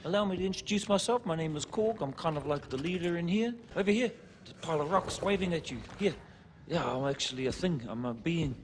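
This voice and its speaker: Korg, a man voicing a soft rock creature. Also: a little high, lively intonation, fairly quick, lightly acted. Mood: friendly. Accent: New Zealand. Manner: soft-spoken, friendly and laid-back. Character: gentle, chatty male rock creature, big and friendly. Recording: movie clip with clear background noise.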